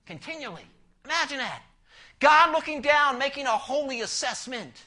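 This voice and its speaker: A man preaching an expository sermon, asking the listeners rhetorical questions and swinging from loud emphasis down to a near-whisper. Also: extremely high pitch, lively intonation, moderate pace.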